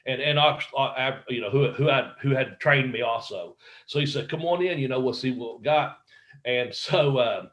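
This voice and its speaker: Middle-aged man, medium pitch, casual storytelling, acts out quotes, swears freely. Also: normal speed, fairly bright tone. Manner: rambling anecdotes with acted-out quotes and profanity. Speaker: wrestler telling stories as a podcast guest.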